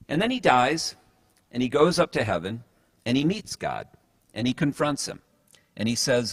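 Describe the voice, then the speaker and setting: A man's voice: medium pitch, big pitch swings, normal speed, no room sound. A man giving a motivational talk, telling a story in an earnest way and often restarting his phrases. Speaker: speaker.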